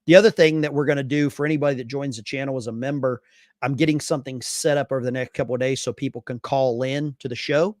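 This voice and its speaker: A man's voice: medium pitch, steady tone, fast talker, a little mellow, no room sound, studio quality. A man hosting a casual live stream, reading chat messages aloud with bursts of enthusiasm. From Arkansas.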